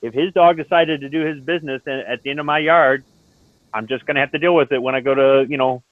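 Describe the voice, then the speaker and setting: A man in casual chat who talks things through calmly and gives advice. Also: mid-range voice, fast talker, dry recording. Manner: calm, reasoning, advice-giving tone. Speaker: stream host. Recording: tinny phone-like line, dry.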